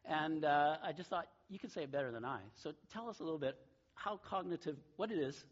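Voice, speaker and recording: A man preaching a sermon to his church, telling a story with lively voiced asides. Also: on the high side, brisk, highs cut off. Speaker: pastor. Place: church sanctuary.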